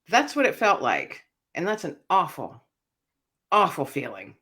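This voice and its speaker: A woman, an author and speaker, telling her personal story as an interview guest in an earnest, reflective way that often drops quiet. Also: deep voice, very animated, measured pace, slightly rough.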